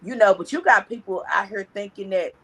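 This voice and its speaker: A man co-hosting a casual commentary chat, talking reflectively and haltingly with many pauses. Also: sits high, sharp tone, breathy edge. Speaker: co-host.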